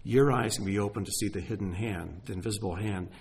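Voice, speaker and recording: A middle-aged man preaching a sermon, emotional, swinging from hushed asides to exclaiming. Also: lowish voice, fast talker, breathy edge. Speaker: pastor.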